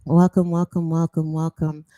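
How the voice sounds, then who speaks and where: Chatty woman host with a mellow low voice. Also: normal speed, no echo. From Jamaican roots. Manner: chatty, animated, laughs often, slips into patois. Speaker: podcast host. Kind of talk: casual chat.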